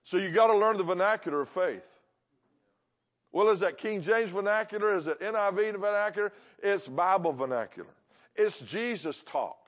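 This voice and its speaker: A man's voice: high voice, lively intonation, moderate pace. Guy preaching in church, keeps repeating himself and quizzing the crowd, kinda muffled lo-fi sound. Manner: emphatic, repeats phrases, asks the crowd questions. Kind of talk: sermon. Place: church in front of a congregation. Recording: dull lo-fi recording.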